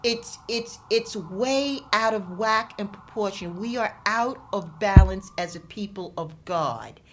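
Slow, preacherly woman. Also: mid-range voice, expressive, a little hiss or hum. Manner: preacherly, rising and falling with emphasis. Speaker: radio guest. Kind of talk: inspirational faith talk.

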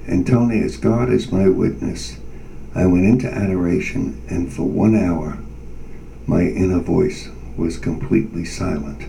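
Gravelly man telling a faith story. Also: deep voice, a little slow, recorded from a distance, slight background noise, rough recording. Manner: earnest storytelling, animated. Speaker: guest. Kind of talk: personal faith testimony in conversation.

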